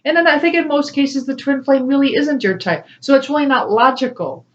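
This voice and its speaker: Her voice sits high and moves a little fast, captured with lo-fi sound. This spiritual coach and tarot reader addresses viewers in a casual, personal way, laughing frequently and acting out the voices of people she quotes.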